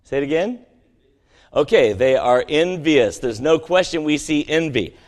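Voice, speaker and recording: A man preaching a sermon to his congregation, asking them questions and swinging between emphatic peaks and quiet conversational asides. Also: on the high side, lively intonation, unhurried. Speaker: pastor. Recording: long hall reverb.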